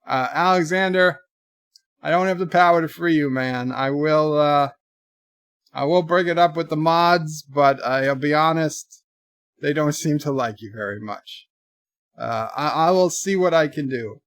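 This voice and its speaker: A man hosting a casual livestream, rambling through deadpan joke answers to viewer messages in a put-on mock accent. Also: fairly high pitch, a little slow, vocal fry, smooth, no room sound, studio quality. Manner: rambling, jokey deadpan nonsense. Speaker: livestream host.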